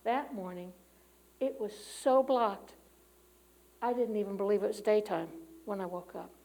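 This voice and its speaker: A woman's voice: medium pitch, moderate pace, mellow, low-quality recording. A middle-aged woman giving a conversational sermon in a church, candid and personal, with frequent fillers and restarts. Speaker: church speaker. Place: church sanctuary.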